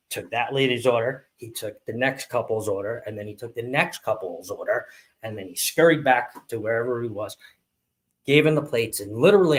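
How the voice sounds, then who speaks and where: On a casual live chat, a male podcast co-host tells a story animatedly, acting out the people in it. When he quotes them, he switches to a high voice.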